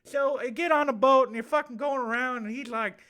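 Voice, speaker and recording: A man's voice: brisk, pushed and bright, clear, resonant tone. A man voicing the ghost of an effeminate southern man with a lisp. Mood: campy. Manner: high, campy, lisping put-on voice. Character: flamboyant lisping southern man's ghost.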